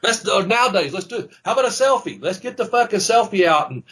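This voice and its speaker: A man's voice: high-pitched, fast talker, slightly rough. A man hosting a casual podcast chat, rambling and swearing as he tells stories from wrestling. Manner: rambling, profane, animated storytelling.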